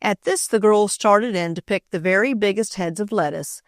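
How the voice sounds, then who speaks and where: A woman's voice: mid-range voice, moderate pace, no room sound, studio quality. Woman narrating a children's classic. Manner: expressive reading, voices each character. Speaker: audiobook narrator. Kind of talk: scripted narration.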